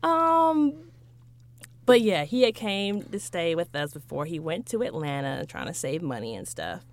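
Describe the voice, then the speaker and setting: Lively, laughing young woman telling a story. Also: lowish voice, unhurried. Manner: animated storytelling, acts out her own outbursts, laughs a lot. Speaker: podcast co-host. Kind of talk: casual chat.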